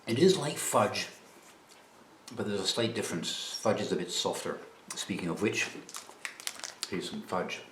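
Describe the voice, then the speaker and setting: A man's voice: low-pitched, animated, a little slow, long pauses, fairly bright tone, reverberant, a little hiss or hum. A Scottish man chatting casually on camera about snacks while tasting them, with a dry, chatty manner. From Scotland. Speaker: vlogger presenting snacks.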